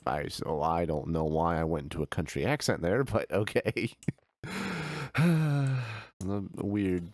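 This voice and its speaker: A male streamer with a fairly low voice, talking through a game in a relaxed, chatty way and answering viewers as he plays. He speaks into a close mic with a dry sound. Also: slow pace, no echo. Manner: easygoing, chatty, answers chat with frequent laughs. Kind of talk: casual gameplay chat.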